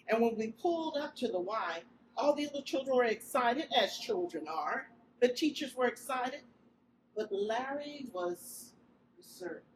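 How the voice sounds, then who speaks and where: A woman's voice: a little high, distant mic. A woman giving an emotional inspirational speech, telling a story expressively to an audience. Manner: expressive storytelling, breaks into loud cries when acting out quotes. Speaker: speaker sharing a story with an audience. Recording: speech recorded with steady background noise.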